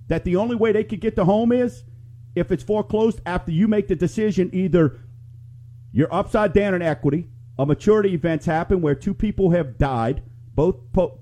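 A man's voice: fairly high pitch, warm tone. Chatty man hosting live talk radio. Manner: chatty, rambling storyteller. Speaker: radio show host and mortgage lender.

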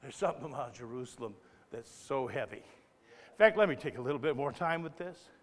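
A man preaching a live sermon as pastor, talking conversationally and then building to loud, emphatic, impassioned bursts. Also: medium pitch, animated, a little fast. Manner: conversational asides, stops himself to rephrase. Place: church hall. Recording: live church recording with long reverb.

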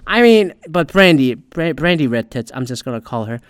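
Man, slightly high voice, sarcastic rambling rant, heavy swearing, dry close sound. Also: sing-song, normal speed, dry recording. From Asian heritage. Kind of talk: casual profane commentary.

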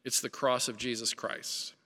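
A man's voice: medium pitch, little pitch movement, moderate pace, pushed and bright, breathy edge. A man preaching a sermon as pastor, earnest and emphatic, repeating phrases for weight and restarting lines as he builds a point. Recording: reverberant hall.

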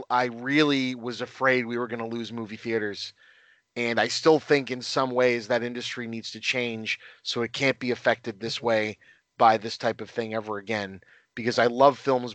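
Male podcast guest, eager and rambling, mid-pitched, dry close sound. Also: fairly bright tone, dry recording. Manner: enthusiastic, rambling with fillers. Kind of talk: casual podcast chat.

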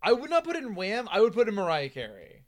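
A man's voice: high voice, huge pitch swings, quick pace. A man co-hosting a casual podcast chat, wry, trailing off with fillers. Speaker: podcast co-host.

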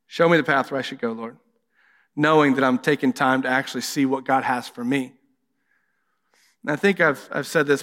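Male preacher, bright and a bit high, frank conversational sermon with stories, long hall echo. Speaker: pastor.

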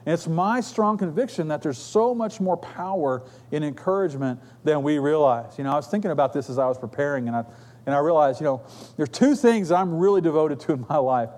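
A man's voice: fairly high pitch, animated, fairly quick, darkish tone. A middle-aged man preaching a sermon, telling stories in an earnest, conversational way.

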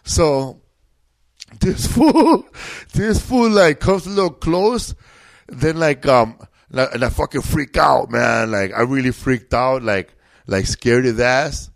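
A man's voice: mid-range voice, slow pace, creaky. A man, a comedian guest, telling a rambling, profane story with bursts of laughter in a casual chat.

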